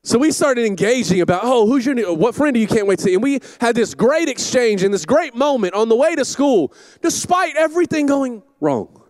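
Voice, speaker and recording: Campus pastor, man, middle-aged; high voice, lively swinging delivery, shouts in his stories. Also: a little fast, few pauses, no room sound. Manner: animated storytelling with shouted asides. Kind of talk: sermon. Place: church auditorium.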